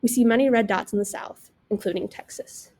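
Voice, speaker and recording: A woman's voice: medium pitch, fairly even intonation, fairly quick, darkish tone. A young woman reading a class presentation aloud from a script, saying example words with care. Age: young adult. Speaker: student presenter.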